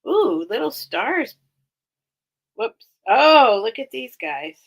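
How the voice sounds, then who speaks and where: Slow, gravelly-voiced woman chatting. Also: sits high, big pitch swings. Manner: chatty, rambling, giggles often. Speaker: online seller hosting a live sale. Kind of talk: casual live-stream sales chat.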